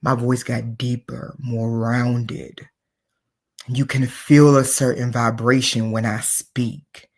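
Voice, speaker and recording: A woman's voice: extremely low pitch, level tone, slow pace. Self-assured woman business coach, emphatic motivational delivery. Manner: emphatic and self-assured, shifts between loud and soft. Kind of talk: motivational talk.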